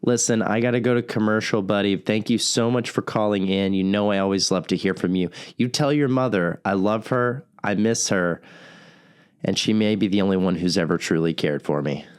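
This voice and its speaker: A man voices a down-on-his-luck talk radio host with a fairly low voice. He sounds wry and self-mocking, often laughing at his own lot. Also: moderate pace, smooth, close to an everyday voice. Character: broke, self-deprecating male radio host.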